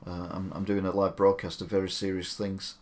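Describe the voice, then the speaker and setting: A man's voice: sits low, monotone, brisk, a little mellow. A man hosting a live stream, giving chatty, opinionated commentary with rambling asides.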